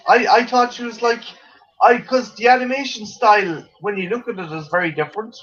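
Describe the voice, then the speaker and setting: High, bright-voiced Irish man. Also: brisk. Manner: swears a lot, jokey, frequent laughter. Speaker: friend in a chat. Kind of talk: casual chat. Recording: dull lo-fi sound.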